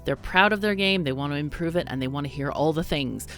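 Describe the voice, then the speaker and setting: A woman's voice: sits low, fast talker, fairly bright tone, soft background music. A woman hosting a let's play, giving chatty, bubbly commentary on a game and laughing often. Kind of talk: casual gameplay commentary.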